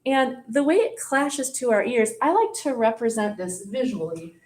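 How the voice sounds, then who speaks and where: A woman's voice: fairly high pitch, lively intonation, moderate pace. A woman teaching a French grammar lesson, patiently asking questions and playing at mock surprise. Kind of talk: classroom teaching demonstration.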